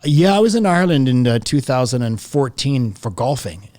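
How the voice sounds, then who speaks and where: A man's voice: mid-range voice, sing-song, normal speed, warm tone, no room sound, studio quality. A man in his fifties, a podcast guest telling a personal story in a chatty, laughing way. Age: 50s. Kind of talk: casual storytelling interview.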